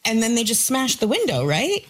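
A woman on a comedy quiz panel, telling stories and cracking quick jokes. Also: a little high, huge pitch swings, faint music behind. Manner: quick jokey storytelling. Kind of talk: comedic banter.

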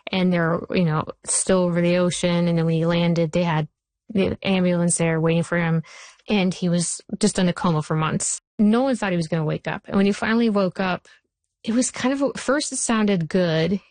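A woman who writes for television, being interviewed and telling a personal story in a lively way, acting out the voices of the people in it. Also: fairly low pitch, moderate pace, dry recording. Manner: animated storyteller, acts out quoted voices. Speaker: TV writer and show creator, guest.

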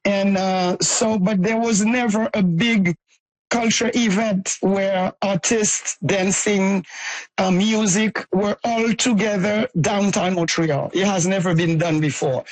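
A woman's voice: medium pitch, fairly even intonation, slow pace, no room sound, poor audio. A woman from Haiti, an event organizer, speaking effusively as a tired radio interview guest and often reaching for words. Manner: effusive, searching for words with many fillers.

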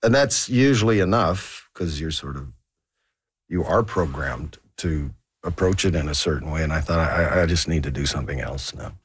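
A middle-aged man from Canada, an actor being interviewed, telling stories in a relaxed chat and laughing often. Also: a bass voice, normal speed, husky. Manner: laughing storyteller, acts out quoted voices. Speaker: actor guest.

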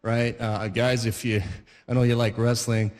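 A man's voice: medium pitch, little pitch movement, moderate pace, a little mellow, long reverb tail. A man in his forties doing stand-up comedy, rambling and restarting his sentences with chuckles. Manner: rambling, self-interrupting, chuckling.

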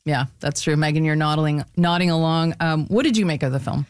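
A woman's voice: low-pitched, brisk, dry recording, studio quality. A woman hosting a casual panel discussion, introducing topics and passing questions to her guests in an upbeat way. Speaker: host.

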